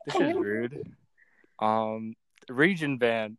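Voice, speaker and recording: A man's voice: medium pitch, expressive, a little slow, clear, resonant tone, no room sound. A young man hosting a casual podcast chat. He rambles, giggles often and teases as he reads out what his guest types. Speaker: podcast host.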